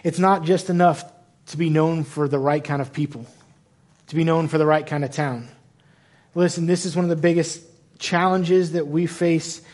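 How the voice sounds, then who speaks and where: A male pastor preaching a sermon in a church in the American South, with a fairly high voice for a man. He talks in an animated way, corrects himself mid-sentence and acts out the people in the passages he reads.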